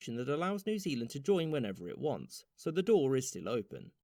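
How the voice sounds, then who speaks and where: Lively-voiced man narrating a history explainer. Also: mid-range voice, dry recording, clean studio sound. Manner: wry, brisk, lively intonation. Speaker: documentary narrator. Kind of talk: scripted narration.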